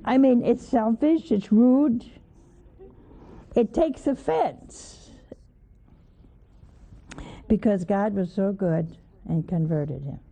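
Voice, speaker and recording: A woman's voice: medium pitch, slow pace, dark tone. A woman giving an informal sermon in a folksy, questioning way, with chuckling asides. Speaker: religious teacher. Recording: tinny phone-like old recording.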